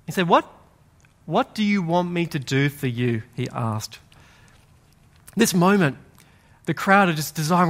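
A man preaching a sermon in a conversational, animated way, acting out quoted voices in a louder tone. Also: a little high, measured pace, pauses often. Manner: animated storytelling, acts out quoted voices loudly; conversational, uses "like" often. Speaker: pastor.

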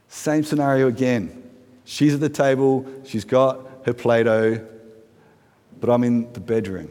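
Man, thirties, mid-pitched, chatty sermon, quizzes the congregation, wry asides, long hall echo. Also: normal speed, mellow. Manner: conversational, asks the congregation questions, light humorous asides. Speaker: pastor.

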